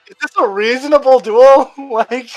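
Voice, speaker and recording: High-voiced, chatty man at the table. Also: moderate pace, dull audio, faint music behind. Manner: chatty, laughing, repeats himself. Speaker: player. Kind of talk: casual tabletop game chat.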